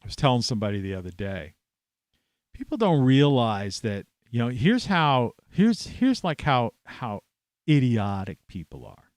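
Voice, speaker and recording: A man's voice: medium pitch, very animated, unhurried, darkish tone, no echo, studio quality. A man at home, ranting scornfully to camera with plenty of swearing. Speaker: vlogger. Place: at home, indoors in an old house.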